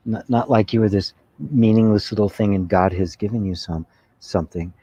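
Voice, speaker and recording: A man giving a spiritual satsang talk, reflective and unhurried, often asking "right?" and laughing softly. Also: fairly low pitch, husky, dry recording. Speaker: spiritual teacher. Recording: dull lo-fi sound.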